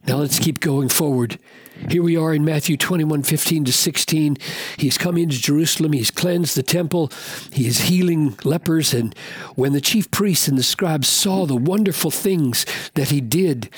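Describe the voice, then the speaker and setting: A man preaching a sermon in an earnest, emphatic way, slowing down to stress key words and repeating questions for effect. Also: a little high, breathy edge, no room sound.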